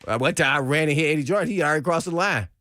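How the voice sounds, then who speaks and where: A man's voice: a little high, racing, no echo. A man, a radio co-host and former football player, talking sports casually and acting out quotes with frequent laughs. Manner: animated storyteller, laughs often, acts out quotes. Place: radio studio.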